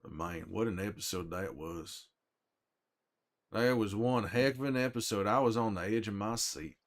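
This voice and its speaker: A man's voice: lowish voice, moderate pace, lightly acted. A man doing Joel, drawling weary survivor. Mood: easygoing. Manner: drawling, folksy, chats with viewers by name. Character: weary middle-aged male survivor, gruff but friendly. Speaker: streamer in character. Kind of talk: in-character livestream chat.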